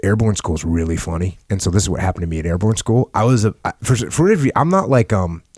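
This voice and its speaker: A man's voice: sits low, lively intonation, quick pace, darkish tone, husky, no echo, studio quality. A man hosting a podcast, telling stories casually and laughing as he talks. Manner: laughing, storytelling. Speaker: podcast host. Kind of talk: casual conversation, reading passages aloud.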